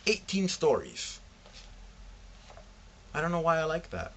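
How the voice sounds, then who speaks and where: A young man's voice sits on the high side and swoops wildly in pitch as he unhurriedly vlogs about books he discovered. He adds slangy asides and plays out what his friends said, with a little hiss or hum in the audio.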